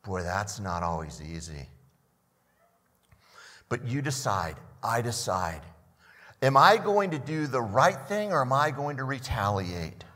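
A man's voice: medium pitch, sing-song, unhurried, long pauses, sharp tone, big-room sound. An older man preaching a sermon as a pastor, often repeating the first words of a phrase and asking the listeners questions.

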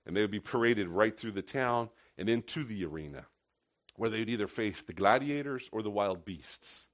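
A man preaching a sermon in a conversational way, asking the congregation questions and swinging from hushed lines to loud, sarcastic ones. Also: lowish voice, expressive, normal speed. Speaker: pastor.

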